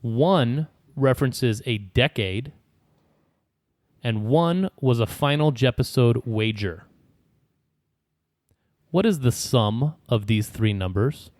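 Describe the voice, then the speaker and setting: A man's voice: mid-range voice, expressive, slow pace, long pauses, darkish tone, no echo. Guy running a trivia podcast, reads the clues out, laughs a lot, dry close sound. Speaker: quiz host. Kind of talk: hosting a trivia game podcast.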